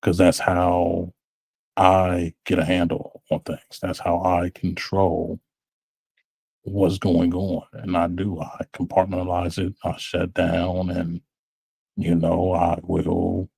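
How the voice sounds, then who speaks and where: A man talking in a casual, thoughtful way on a podcast, pausing and restarting as he works through his thoughts. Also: deep voice, monotone, creaky, a little mellow, slightly rough, dry recording. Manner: thoughtful, halting. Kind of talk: casual reflective talk.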